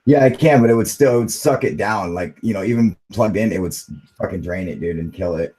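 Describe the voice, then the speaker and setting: A man's voice: fairly low pitch, brisk, dark tone, rough recording. A man hosting a casual livestream chat, laid-back and profane, saying "dude" constantly. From United States. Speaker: livestream host.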